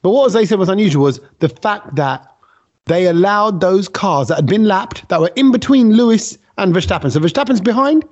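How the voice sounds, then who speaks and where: A man's voice: high voice, expressive, a little fast, darkish tone. A man hosting a casual chat, animatedly explaining things through acted-out analogies. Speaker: podcast host. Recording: dull lo-fi sound.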